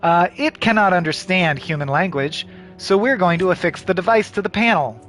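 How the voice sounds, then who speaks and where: A man's voice: sits high, normal speed, fairly bright tone, faint music behind. A man hosting a comedy show, playing a video game and reading its text aloud with jokey, self-mocking asides.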